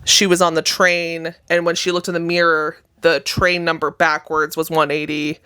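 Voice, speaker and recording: A woman's voice: sits low, moderate pace, smooth, no echo, studio quality. A young woman with a slight lisp, co-hosting a podcast and animatedly retelling a movie plot in casual chat. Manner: animated storytelling, acts out characters' voices. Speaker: podcast co-host.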